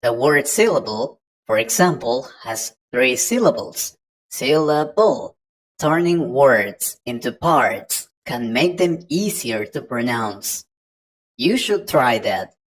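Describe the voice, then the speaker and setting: Very deep-voiced, unhurried woman teacher. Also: animated, rough recording. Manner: patient, explains step by step to the learner. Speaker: English teacher. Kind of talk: online pronunciation lesson.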